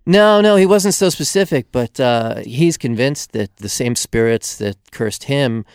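A man who is a guest author, telling stories in a halting way full of fillers. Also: medium pitch, expressive, clear, resonant tone, no echo, studio quality. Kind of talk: casual interview storytelling.

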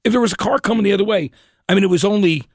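A man hosting a podcast, telling stories in an animated, emphatic way during a casual interview. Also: high-pitched, very fast, no echo, clean studio sound. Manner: animated storyteller, lively and emphatic. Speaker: podcast host.

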